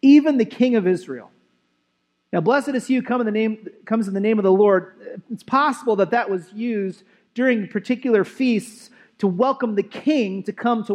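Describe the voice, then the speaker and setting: A man's voice: high-pitched, darkish tone. A pastor preaching a sermon in a church, talking in a conversational way and often asking his congregation "right?". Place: church sanctuary.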